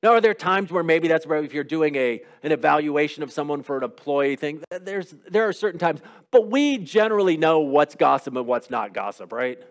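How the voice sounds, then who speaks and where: A man's voice: a little high, expressive, fairly quick, few pauses. A middle-aged man preaching a sermon in a conversational way, asking rhetorical questions and acting out little quotes. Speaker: pastor.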